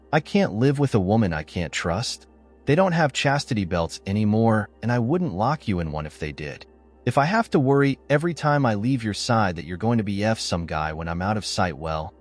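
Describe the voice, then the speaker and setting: A man telling a first-person story in a low voice that swings lively in pitch. He delivers the husband's lines bluntly, with an angry, sarcastic edge. Faint music plays underneath. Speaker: narrator.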